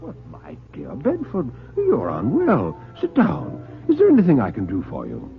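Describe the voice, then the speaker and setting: A man voicing a cool, scheming older male host who talks in a suave, measured way. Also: on the high side, huge pitch swings, gravelly, soft background music, pitched above the performer's own voice, heavily acted. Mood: smooth. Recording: tinny old radio broadcast.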